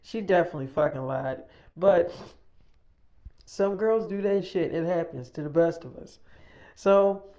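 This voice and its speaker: A man's voice: high voice, a little slow, pauses often, mellow. A man casually narrating an improvised audio story, boastful and full of swearing.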